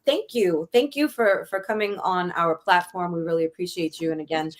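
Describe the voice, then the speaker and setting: A woman's voice: on the low side, normal speed. Playful woman hosting an interview. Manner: playful, enthusiastic. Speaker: radio show host. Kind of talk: casual interview chat.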